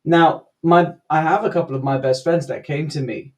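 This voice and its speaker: Relaxed male co-host, video call, chatty and hesitant, laughs easily. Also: on the high side, moderate pace. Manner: easygoing, laughs easily, many fillers and restarts. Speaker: co-host and coach. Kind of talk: casual panel discussion.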